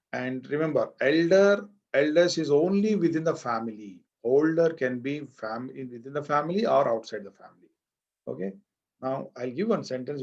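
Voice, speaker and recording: A man's voice: medium pitch, a little mellow. An Indian English-accented man teaches grammar to a class, repeating his examples and asking students for their answers. His voice sits in an ordinary middle register. The sound is slightly muffled and lo-fi, like a classroom recording. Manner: explains with repetition and questions to the class. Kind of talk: classroom lecture.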